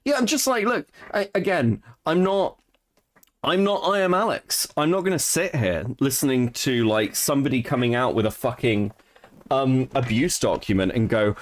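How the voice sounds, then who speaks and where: A man's voice: a little high, very animated, normal speed. A man hosting a stream, giving crude, sarcastic commentary on a clip and laughing often. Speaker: streamer host reacting to a clip. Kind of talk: casual profane stream commentary.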